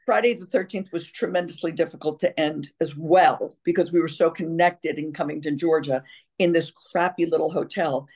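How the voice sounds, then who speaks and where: A woman chats as an interview guest and tells anecdotes with lots of energy, sometimes dropping into character voices. Her voice sits a little on the low side for a woman. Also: normal speed, breathy edge. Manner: animated storyteller, slips into voices. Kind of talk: casual chat.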